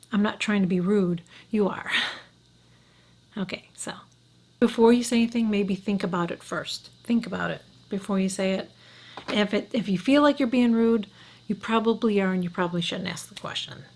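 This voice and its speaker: Frank, chatty middle-aged woman vlogger. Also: mid-range voice. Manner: chatty, frank, often drops to a near whisper. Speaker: beauty vlogger. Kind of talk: casual chat to camera.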